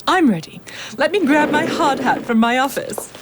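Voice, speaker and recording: A woman's voice: sits high, animated, normal speed, noisy background. An actress playing a pompous, self-important woman who runs a construction company, in a children's radio drama. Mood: bossy. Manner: bossy, self-important, showy. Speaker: company manager.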